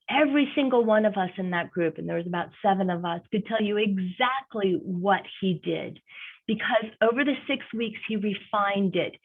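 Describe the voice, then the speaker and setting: A woman career coach with a medium-pitched, slightly breathy voice gives an online workshop presentation. She's conversational and emphatic, repeating her key points, and the audio sounds tinny, like a phone.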